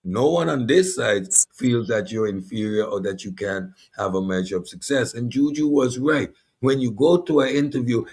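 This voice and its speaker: A man with a Caribbean accent hosting a casual panel talk, animated and drawing out key words. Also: mid-range voice, moderate pace, few pauses, husky. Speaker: podcast host.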